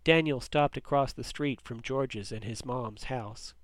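Male storyteller, mid pitch, measured, dry mic. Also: no echo. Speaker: narrator. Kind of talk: story reading.

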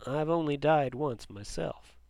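Male narrator doing a kind, protective ghost dad, soft and reassuring, dry close sound. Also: a little high, measured pace, vocal fry, dry recording. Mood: gentle.

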